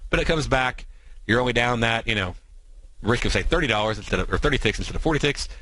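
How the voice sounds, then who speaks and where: An American man hosts a trading talk show, speaking quickly with lots of fillers and asides. His voice is bright and forceful, at an ordinary male pitch. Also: animated, a little hiss or hum, rough recording. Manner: talks fast, many fillers and asides. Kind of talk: fast explanatory talk on trading.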